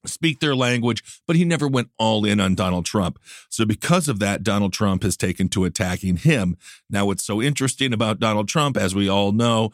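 A man's voice: on the low side, expressive, a little fast, no room sound, studio quality. A man hosting a podcast, giving sarcastic, joking political commentary with plenty of filler words. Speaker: podcast host. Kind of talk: comedic political chat.

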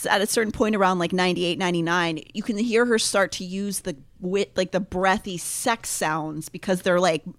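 A woman co-hosting a podcast, chatting quickly with plenty of giggles and groans. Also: fairly low pitch, fairly even intonation, no room sound. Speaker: podcast co-host. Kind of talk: casual comedic chat.

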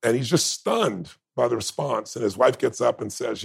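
Gravelly, husky, impassioned man. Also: medium pitch, animated, normal speed. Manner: emotional, impassioned, emphatic. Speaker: interview guest. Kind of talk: heartfelt conversational storytelling.

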